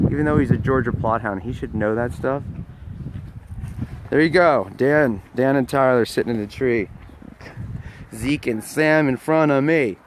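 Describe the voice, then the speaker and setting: A man's voice: medium pitch, background noise. A man with a New York accent hosting a casual live stream from his phone, outdoors on a snowy street, joking with viewers and cold. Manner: joking, chatty, talking to viewers while walking in snow. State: cold, freezing. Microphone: phone held in hand.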